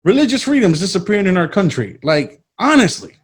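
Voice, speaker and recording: A man's voice: high voice, very animated, fast, husky. A man co-hosting a casual political talk show, speaking emphatically and repeating phrases as he thinks. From Latino American. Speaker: podcast co-host.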